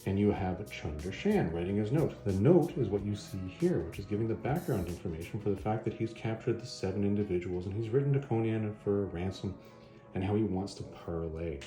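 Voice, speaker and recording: A man hosting a casual comic book review video, retelling the story in a chatty, animated way. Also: fairly low pitch, fairly quick. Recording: roomy echo, faint music.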